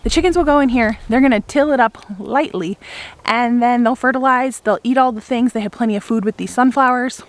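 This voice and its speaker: A young woman chats to the camera outdoors among her flowers in a casual vlog, upbeat and quick to laugh; she farms flowers and homesteads. Her voice is a little high and a little fast, and she's slightly out of breath.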